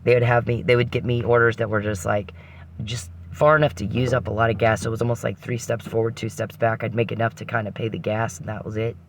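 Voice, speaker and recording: A man's voice: fairly low pitch, level tone, fast, slight background noise. A man hosting a podcast, telling a rambling personal story with frequent restarts and religious reflection.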